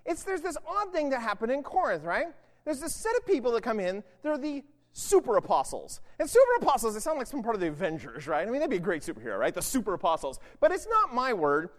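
A man preaching a sermon in a casual, conversational way, often checking in with "right?". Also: sits high. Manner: conversational, keeps asking "right?". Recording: long hall reverb.

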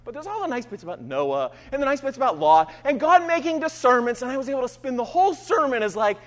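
Lively high-voiced male pastor in a reverberant hall. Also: fast, few pauses. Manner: conversational, self-deprecating, keeps asking "right?". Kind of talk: sermon. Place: church sanctuary.

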